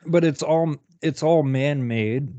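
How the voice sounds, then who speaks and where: A man's voice: fairly high pitch, takes it slowly, warm tone, no echo. A man co-hosting a podcast, talking in a rambling casual way with a lot of swearing and laughing. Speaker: podcast co-host. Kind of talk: casual profane chat. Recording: dull lo-fi dry sound.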